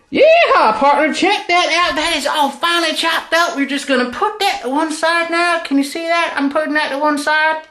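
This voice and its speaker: A man's voice: extremely high pitch, pushed and bright. A man from England hamming up a put-on Texan drawl while cooking in a home kitchen, goofy and full of yeehaws. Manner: hammy fake cowboy persona, goofy asides, frequent yeehaws. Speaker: guest cook. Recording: roomy echoey kitchen.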